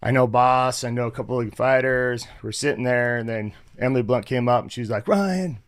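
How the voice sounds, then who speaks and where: A man's voice: medium pitch, a little fast, clean tone, no room sound. Give me a man telling stories in a casual podcast interview, dry close mic. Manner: animated, acts out quotes with laughs. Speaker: guest, former fighter turned actor.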